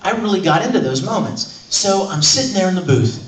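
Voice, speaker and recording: Animated man telling stories at a fan panel. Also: sits high, fairly quick. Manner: animated, laughing, playful with the audience. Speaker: convention panel guest. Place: large convention panel room. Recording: echoey hall from far off, crowd noise.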